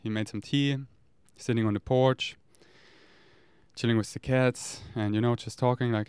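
A man's voice: lowish voice, flat delivery, moderate pace, darkish tone, clear, resonant tone, no echo. A man talks in a candid, rambling, profane confessional monologue. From Germany. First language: German. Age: 30s. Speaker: vlogger.

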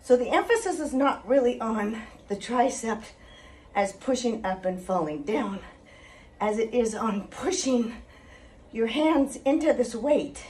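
A woman's voice: a little high, expressive, darkish tone. A woman fitness instructor talking through an exercise routine step by step, with a cheerful greeting and sign-off. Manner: slow, deliberate coaching with cheerful sign-off.

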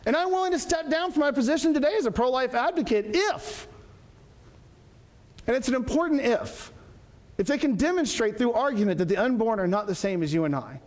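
A man's voice: very high-pitched, expressive, a little fast. A man from Georgia giving a lecture, telling folksy stories and making his points with emphasis. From Georgia, USA. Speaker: apologetics speaker. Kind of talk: public lecture. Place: lecture hall.

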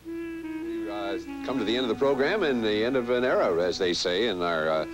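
Low-voiced man hosting an old kids' show. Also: fast talker, loud music behind the voice. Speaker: children's TV host on air. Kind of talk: archival broadcast hosting.

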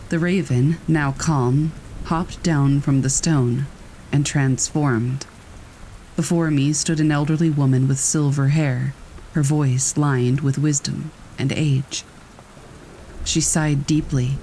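Narrator: man, somewhat high, mellow voice, calm steady read of horror stories, soft rain in the background. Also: takes it slowly, slight background noise, low-quality recording. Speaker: story narrator. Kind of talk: scripted horror story narration.

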